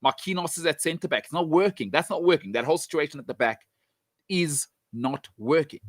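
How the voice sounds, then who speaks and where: A man's voice: on the high side, a little fast, dry recording. Blunt, emphatic football pundit man. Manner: blunt, emphatic, repeats points for effect; direct address to fans. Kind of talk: opinionated sports talk.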